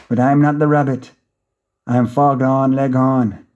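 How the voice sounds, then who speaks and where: A man's voice: mid-range voice, steady tone, unhurried, darkish tone, highs cut off. A man with a Jamaican accent reading an audiobook, narrating a frantic, rambling first-person inner monologue in patois.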